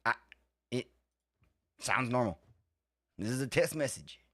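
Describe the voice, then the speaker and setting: A man's voice: mid-range voice, animated, a little slow, fairly bright tone, no room sound, clean studio sound. A man hosting a live stream, chatting casually and rambling between talking to his chat and fiddling with his setup. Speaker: livestream host.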